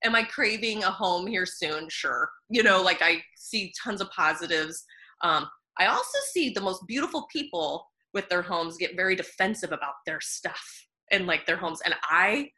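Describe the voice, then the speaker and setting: A woman nutritionist talking in a casual interview, bubbly and animated, laughing often between thoughts. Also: fairly low pitch, moderate pace.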